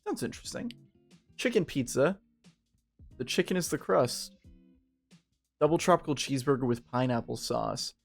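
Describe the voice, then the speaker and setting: A man's voice: mid-range voice, lively intonation, normal speed, gravelly, long pauses, soft background music. A tipsy man in casual game commentary, reading the text aloud, rambling and swearing. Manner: rambling, profane, tipsy and joking. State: drunk. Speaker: game streamer.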